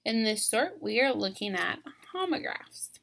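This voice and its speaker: A woman's voice: on the high side, very animated, a little slow, gravelly, a bit bright. A woman teacher walking students through a word sort step by step, patient and thinking aloud as she goes. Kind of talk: instructional video walkthrough.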